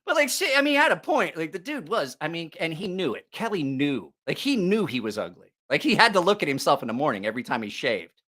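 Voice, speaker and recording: A man hosting a casual livestream chat, telling a profane story with lots of laughter and animated asides. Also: on the high side, quick pace. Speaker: knife channel host.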